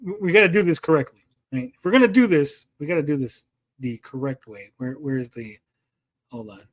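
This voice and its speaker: Higher-pitched guy hosting a stream, swearing a lot, mocking and ranty. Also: a little fast. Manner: profane, ranting, mocking. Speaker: podcast host. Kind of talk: casual livestream chat.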